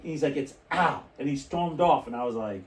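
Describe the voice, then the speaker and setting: A man's voice: medium pitch, lively intonation, dark tone, far from the mic. Guy on a podcast rambling thru a story, sounds a bit off mic in an echoey room. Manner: storytelling, rambling, quick restarts and laughs. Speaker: podcast co-host. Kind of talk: casual chat.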